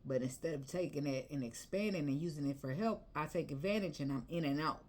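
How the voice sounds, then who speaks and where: A woman's voice: deep voice, fairly quick, a little mellow. A woman giving a casual tarot reading, chatty and slangy, breaking into bits of song and laughter. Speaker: tarot reader.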